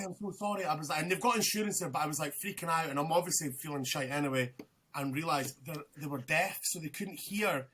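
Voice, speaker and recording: Bright-voiced young man telling a rambling story. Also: fairly high pitch, a little hiss or hum. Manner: rambling, swears freely, lots of fillers and restarts. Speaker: podcast guest. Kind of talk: casual storytelling chat.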